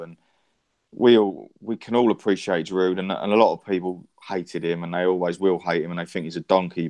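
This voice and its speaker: Deep-voiced man ranting about football. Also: darkish tone. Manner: passionate, rambling with restarts and swearing. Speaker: podcast co-host. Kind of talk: casual football chat.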